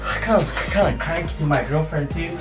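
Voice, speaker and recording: A woman vlogging casually about her workout and cooking, chatty and playful, counting reps out loud. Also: low voice, fast. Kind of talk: casual workout vlog chat. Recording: echoey room with music playing.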